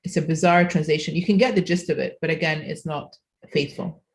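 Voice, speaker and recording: A woman's voice: low-pitched, fairly quick, vocal fry, slight background noise. A woman from Egypt, giving a conference keynote lecture, explaining with frequent fillers and self-corrections. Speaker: keynote speaker.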